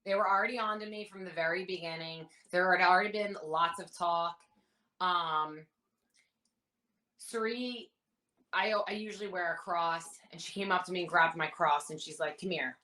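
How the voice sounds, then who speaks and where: A woman in her thirties, a reality show contestant, telling stories in a casual interview with animated, rambling detail. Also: lowish voice, normal speed, low-quality recording. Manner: animated, rambling anecdotes with many fillers.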